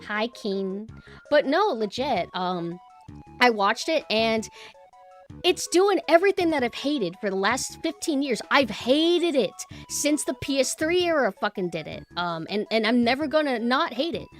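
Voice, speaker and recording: A woman's voice: on the high side, sing-song, unhurried, soft background music. A young woman streamer chatting casually with her viewers and ranting bluntly, swearing freely.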